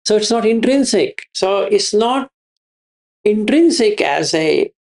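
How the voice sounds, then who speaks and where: A man's voice: high voice, expressive, takes it slowly, a little mellow. A man giving a Buddhist teaching, repeating his phrases and asking rhetorical questions. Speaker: meditation teacher.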